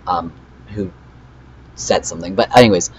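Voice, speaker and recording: A teenage boy with a low voice rambles through a storytime vlog, filling gaps with "um" and reading chat messages in a flat tone. The recording sounds slightly dull and muffled. A faint hiss sits under the voice. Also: normal speed. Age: teens. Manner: rambling, reads out chat messages flatly, frequent fillers. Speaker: vlogger. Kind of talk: casual storytime recap.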